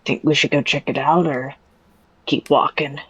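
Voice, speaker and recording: A man's voice: fairly high pitch, steady tone, moderate pace, a bit bright, slightly rough, dry recording. A man playing in a tabletop game, reacting eagerly to the game master. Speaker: player. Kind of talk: casual chat in a tabletop game. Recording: dull, dry lo-fi mic.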